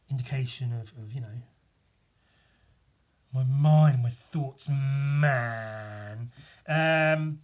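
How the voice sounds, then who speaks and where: Congested, foul-mouthed man rambling. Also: medium pitch. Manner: rambling, profane, self-mocking. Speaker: podcast host. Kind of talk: casual solo podcast monologue.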